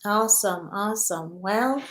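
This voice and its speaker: A woman hosting an interview, affirming her guest with many soft responses. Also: mid-range voice, unhurried, reverberant. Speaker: podcast host. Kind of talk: conversational interview.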